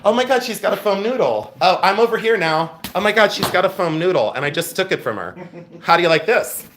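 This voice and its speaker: A middle-aged man with a strikingly high voice chats his way through a live jewelry sale, playful and talkative, thanking viewers by name as he shows off pieces. His delivery is expressive, fast and a bit bright, with slight background noise, in the style of live-stream selling chat.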